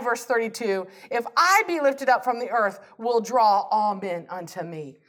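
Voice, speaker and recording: A woman preaching with fervor, her slightly higher voice rising to forceful peaks as she reads and quotes scripture. It is a sermon delivery, emphatic and driving. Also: lively intonation, unhurried, few pauses.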